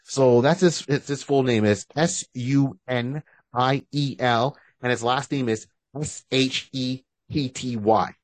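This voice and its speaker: A man's voice: mid-range voice, slow pace, no room sound. A man co-hosting a podcast, chatting casually and at length, often restarting his sentences. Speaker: podcast co-host. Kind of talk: casual fan-casting chat.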